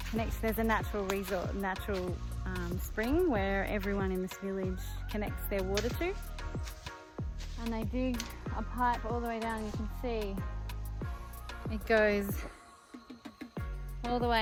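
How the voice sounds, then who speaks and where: A woman's voice: mid-range voice, rough recording. A woman talking openly to the camera in a casual personal vlog, thinking aloud as she goes. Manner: chatty and open, thinking aloud. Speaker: vlogger.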